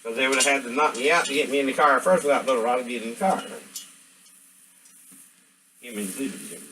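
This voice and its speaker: Man, home vlog, rambling monologue, venting, mid-pitched voice. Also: a little fast, background noise. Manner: rambling, venting, addresses absent people with "right?". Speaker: vlogger.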